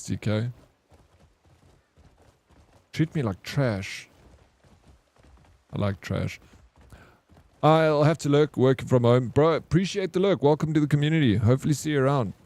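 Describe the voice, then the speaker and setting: A man's voice: medium pitch, darkish tone, dry recording. Playful man streaming a game, dry sound. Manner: playful teasing banter, reads chat aloud. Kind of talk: casual live-stream chat with viewers.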